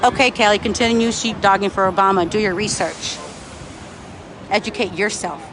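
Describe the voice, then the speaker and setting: A man with a high voice speaks at a moderate pace while livestreaming outdoors at a city street protest. He's angry and profane as he answers chat comments, with faint traffic and street sounds behind him.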